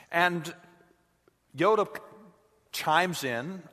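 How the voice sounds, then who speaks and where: A man preaching a sermon as pastor in a church, measured and earnest. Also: a little high, lively intonation, bright, forceful tone. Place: church sanctuary. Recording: echoey hall.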